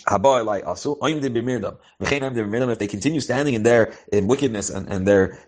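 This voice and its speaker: Fast-talking man teaching a text, flavored. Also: mid-range voice. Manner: reads a phrase then translates and explains it, with frequent restarts. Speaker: Torah teacher. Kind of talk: line-by-line text study, mixing Hebrew and English.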